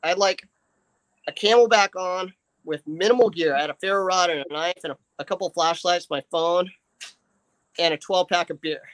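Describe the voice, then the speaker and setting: A man's voice: high-pitched, moderate pace. A man telling a long story in casual chat on a livestream, rambling with fillers and acting out his friends' lines. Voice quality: rambling, many fillers and restarts. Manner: animated, acts out friends' lines.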